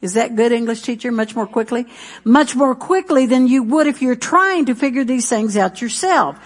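A woman's voice: a little high, lively intonation, moderate pace, breathy edge. A middle-aged woman, preaching a sermon in a conversational way, with asides and restarts aimed at the congregation. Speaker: pastor.

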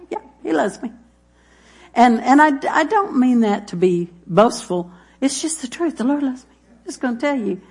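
A woman's voice: on the high side, lively intonation, normal speed, a little mellow, breathy edge. Woman preacher, emphatic, repetitive delivery, addresses the congregation directly. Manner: emphatic, repeats phrases, talks straight to listeners. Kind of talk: sermon.

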